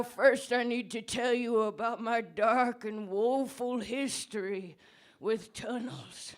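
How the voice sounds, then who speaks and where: A woman voicing an unhinged old man who lives under a bridge, rambling slowly on a pub stage with sudden shouts. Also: high-pitched. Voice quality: gravelly, creaky old-man voice. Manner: slow, rambling, with bursts of shouting. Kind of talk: comedic character monologue at a live debate.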